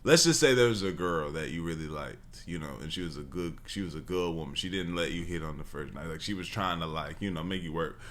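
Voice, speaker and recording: A man's voice: low voice, brisk, few pauses, fairly bright tone. A man co-hosting a casual chat, talking in slang and spinning hypothetical scenarios. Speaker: co-host.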